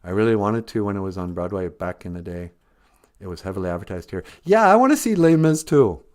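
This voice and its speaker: A man's voice: low voice, very animated, fairly quick, darkish tone. A man hosting a casual live stream, reading out viewer comments, often chuckling and thinking aloud in a reflective way.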